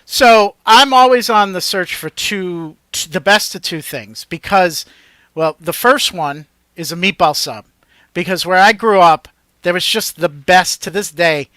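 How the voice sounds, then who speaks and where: A man from Connecticut co-hosting a podcast, chatting casually and telling stories with enthusiasm, letting his sentences trail off quietly. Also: sits high, a little slow, no echo. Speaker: podcast co-host. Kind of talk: casual chat.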